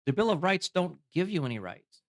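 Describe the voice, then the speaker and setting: A man co-hosting a casual podcast chat, animated, laughing often and restarting his sentences. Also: high voice, fairly quick. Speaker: podcast co-host.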